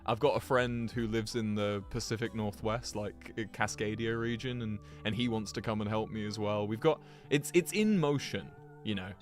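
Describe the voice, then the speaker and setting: A man's voice: fairly low pitch, normal speed, hardly any pauses, faint music behind. A man giving rambling, chatty commentary to his viewers while he plays a geography game, laughing often. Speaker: streamer.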